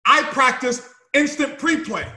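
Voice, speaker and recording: High-pitched man giving a fired-up pep talk. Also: lively intonation, a little slow, roomy sound. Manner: emphatic, repetitive, bursts into shouting. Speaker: company founder speaking to his team. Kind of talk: motivational speech to a live audience.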